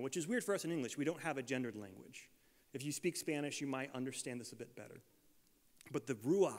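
A man's voice: medium pitch, darkish tone. An American man preaching a sermon, telling a funny travel story with self-deprecating humor before turning to scripture. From United States. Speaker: pastor. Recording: long reverb of a large hall.

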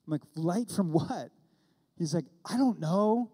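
A husky, dark-toned man in his forties from California speaks in a high, expressive voice at a slightly slow pace. He's a pastor preaching a sermon, telling a story and voicing both sides of the dialogue, with long hall reverb on the recording.

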